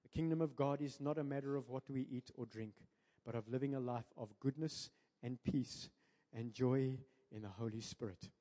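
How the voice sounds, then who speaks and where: A South African man preaching a sermon to his church, switching between English and Afrikaans and building to loud, emphatic peaks. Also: mid-range voice, normal speed. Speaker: pastor. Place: church sanctuary. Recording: preacher in a large reverberant church hall.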